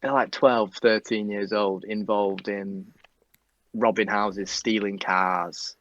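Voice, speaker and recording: Young man, low voice, casual rambling storyteller, swears freely; dull lo-fi dry mic. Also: steady tone, takes it slowly, a bit bright. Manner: rambling, sweary, many fillers. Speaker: police staff guest. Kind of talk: casual anecdote telling.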